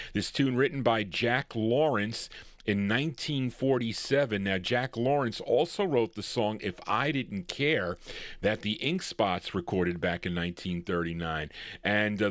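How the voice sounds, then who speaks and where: A man's voice: on the low side, dry recording, clean studio sound. Chatty, rambling oldies radio DJ man. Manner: rambling, chatty asides between records. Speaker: radio show host. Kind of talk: live radio DJ patter.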